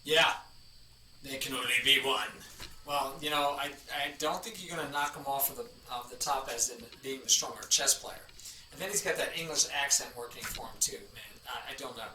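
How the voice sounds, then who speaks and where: A man's voice: medium pitch, fairly quick, sharp tone, a little hiss or hum. A man streaming chess, chatting casually and rambling as he greets chatters by name. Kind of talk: casual live-stream chat. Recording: echoey room, from a distance.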